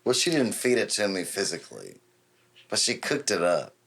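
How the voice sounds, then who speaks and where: A man's voice: lowish voice, sing-song, moderate pace, creaky, a bit bright. A man, a musician guest on a podcast, joking crudely in casual chat. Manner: crude jokester.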